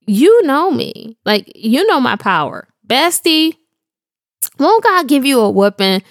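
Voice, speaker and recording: A woman's voice: high-pitched, big pitch swings, slow, dry recording, clean studio sound, full character voice. A woman voicing a stern, loving God. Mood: chiding. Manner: scolding yet affectionate. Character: loving but stern male God, chiding.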